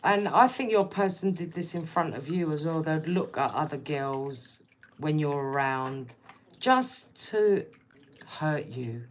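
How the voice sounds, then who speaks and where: A woman's voice: deep voice, expressive, unhurried, highs cut off. A woman giving a casual tarot reading, speaking bluntly and repeating herself as she addresses the viewer directly. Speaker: tarot reader.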